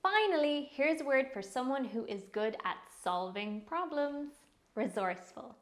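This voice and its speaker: A woman teaching English vocabulary, saying each word slowly and clearly several times before explaining it. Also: sits high, lively intonation. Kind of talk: slow vocabulary lesson with repeated pronunciations.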